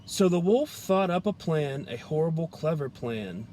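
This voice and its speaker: A man reads a children's storybook aloud with gentle, expressive storytelling. His voice sits a little higher than many men's, with a faint hiss of background noise. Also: unhurried. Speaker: police trooper reading aloud.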